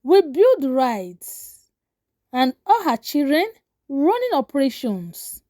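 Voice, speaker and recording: A woman reading a calm, commanding matriarch. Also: high-pitched, no echo, clean studio sound, full character voice. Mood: firm. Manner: measured, firm declarations. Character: calm, commanding mother who built an empire.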